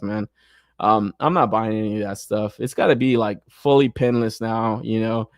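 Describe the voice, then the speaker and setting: A young man hosts a toy podcast in loose, profane chat, swinging between laid-back talk and mock rants full of laughter. His voice sits at a middle pitch, and the recording is close and dry with no room sound. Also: fairly quick, no room sound. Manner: profane, animated, frequent laughter. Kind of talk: casual chat.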